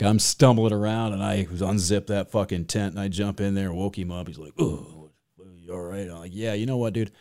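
A man's voice: fairly low pitch, mellow. Ranting, profane male podcast host. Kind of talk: casual crude podcast banter. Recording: faint music bed behind.

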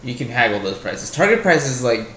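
A man's voice: medium pitch, sing-song, fairly quick, fairly bright tone, reverberant, slight background noise. A young man co-hosting a podcast in casual chat, laid-back and matter-of-fact. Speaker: podcast co-host.

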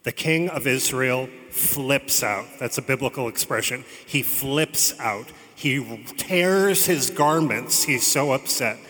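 Bright-voiced preacher in an echoing hall. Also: male voice, mid-range voice, takes it slowly, hardly any pauses. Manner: conversational storytelling with joking asides. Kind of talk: sermon. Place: church. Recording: long reverb of a large hall.

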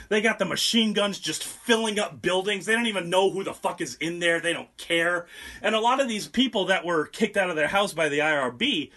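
Young male host, high, bright voice, profane and mocking comic storyteller. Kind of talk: casual comic history storytelling.

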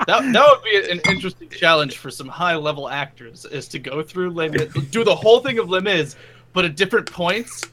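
A man co-hosting a gaming podcast in casual chat, excitable and quick with quips. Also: sits high. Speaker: podcast co-host.

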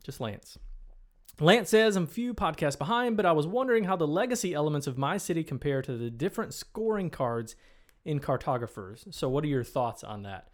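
A man co-hosting a casual podcast, his voice sitting a little high. He talks loosely, restarts sentences, and laughs easily. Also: animated, brisk. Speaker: podcast co-host.

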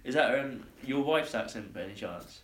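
A man's voice: medium pitch, expressive, moderate pace, a bit bright. A man co-hosting a podcast and playing a party game. He grumbles in mock annoyance, swears and laughs along. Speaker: podcast co-host. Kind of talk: casual banter while playing a party game.

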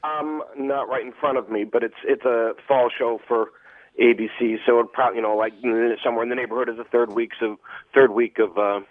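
A hoarse man calls in over a tinny phone line and rambles hesitantly as a TV critic. The sound is dry and close, with no room around it. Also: medium pitch, fairly even intonation, a little fast, dry recording. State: losing his voice. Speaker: TV critic guest. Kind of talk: phone interview.

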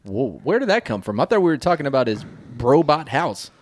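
A man's voice: medium pitch, big pitch swings. Sarcastic young man bantering. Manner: sarcastic, quick interjections. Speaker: podcast co-host. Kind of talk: casual comedic banter.

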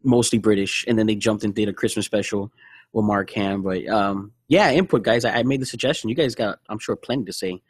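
A man's voice: lowish voice, fairly quick, slightly rough, no echo, clean studio sound. A young man hosting a casual podcast chat, rambling and repeating words as he goes. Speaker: podcast host.

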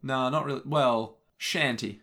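A man's voice: medium pitch, a little slow, pushed and bright. Man, podcast co-host, casual chat, jokey, wry, swears casually. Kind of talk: casual chat recapping an anime.

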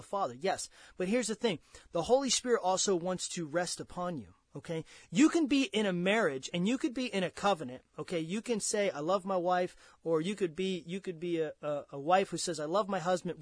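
A fervent male preacher with a fairly high voice, delivering a sermon that swells louder and higher when he drives a point home. He repeats words for emphasis and pleads with his listeners. The sound is dry and close. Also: no echo.

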